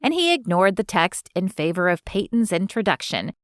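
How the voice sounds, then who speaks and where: A woman reading romance fiction aloud as an audiobook narrator in an even, smooth storytelling manner. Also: mid-range voice, moderate pace, no echo, clean studio sound. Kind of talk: scripted narration.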